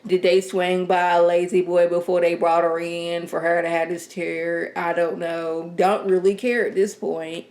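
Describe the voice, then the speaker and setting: A woman casually reviewing a TV episode in a sassy, animated, rambling way. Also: fairly low pitch, measured pace, hardly any pauses. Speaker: TV show reviewer. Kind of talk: casual chat.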